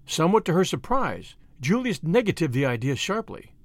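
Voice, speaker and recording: Lively male audiobook narrator. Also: on the high side, moderate pace, no echo.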